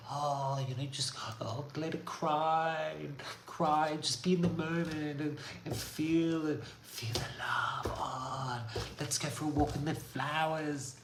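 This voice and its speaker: A man putting on the voice of a gushing, soft-spoken male wellness healer, airy and breathy, in mockery. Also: medium pitch, noisy background, pitched above the performer's own voice, lightly acted. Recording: echoey room.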